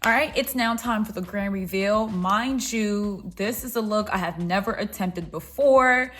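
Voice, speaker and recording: Slow, chatty young woman vlogger. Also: mid-range voice, fairly bright tone, soft background music. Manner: chatty, playful and encouraging. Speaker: beauty vlogger. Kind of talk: casual makeup tutorial chat.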